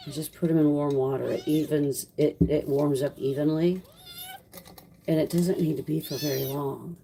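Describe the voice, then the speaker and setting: A woman's voice: low-pitched, steady tone, normal speed, gravelly, noisy background. A middle-aged woman who rescues kittens, chatting casually on a livestream in a sarcastic, chatty way while caring for kittens at home. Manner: sarcastic, chatty, talks to kittens and reads chat aloud. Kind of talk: casual livestream chat with viewers.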